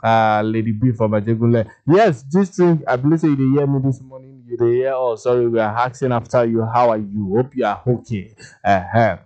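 A man with a Nigerian Pidgin accent hosting a radio phone-in show, lively and jokey as he reads listener messages aloud. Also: mid-range voice, a little fast. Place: radio studio. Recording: dull lo-fi radio broadcast.

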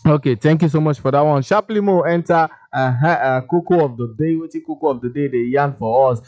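A man with a Nigerian Pidgin accent hosting a radio phone-in show, lively and jokey as he reads listener messages aloud. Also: fairly high pitch, brisk, faint music behind. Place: radio studio. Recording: dull lo-fi radio broadcast.

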